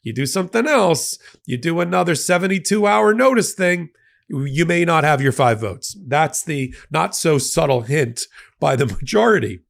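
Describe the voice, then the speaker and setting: A man's voice: fairly high pitch, big pitch swings, normal speed, gravelly. Man explaining a court ruling. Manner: explanatory, breaks down court rulings with fillers and restarts. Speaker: legal commentator. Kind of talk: legal analysis commentary.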